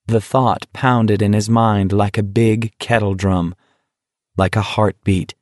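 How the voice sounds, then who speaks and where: A man reading an audiobook in steady, measured scripted narration. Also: lowish voice, no room sound, studio quality.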